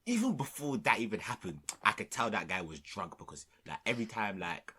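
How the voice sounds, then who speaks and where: A man co-hosting a podcast, telling stories in animated slang-filled casual chat. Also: lowish voice, a little fast, slight background noise. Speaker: podcast co-host.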